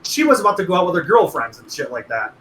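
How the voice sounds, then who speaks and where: High bright-voiced man telling rambling stories. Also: sing-song, fast talker, echoey room, slight background noise, rough recording. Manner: rambling profane storytelling. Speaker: podcast co-host. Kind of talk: casual chat.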